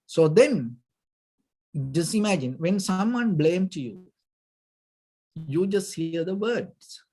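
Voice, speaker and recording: A man, a Buddhist monk, giving a dhamma talk, halting and searching for words, often saying "you know", with gentle, patient explanation. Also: high voice, expressive, breathy edge. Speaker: Buddhist monk teaching meditation.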